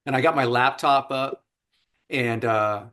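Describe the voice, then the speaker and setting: A podcast host tells an anecdote during a casual chat over a remote call, animatedly putting on voices for the people in the story. He has a medium-pitched voice and speaks at a measured pace.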